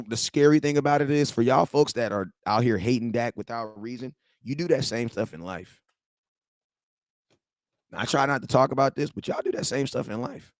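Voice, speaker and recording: Here a young male sports talk host rants live on stream, full of slang and heat, saying things more than once and talking right at his viewers. His voice is mid-range, with no echo.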